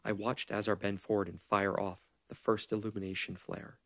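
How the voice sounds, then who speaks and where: A man narrating a novel as an audiobook in a measured, understated way. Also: on the low side, little pitch movement, a bit bright, dry recording.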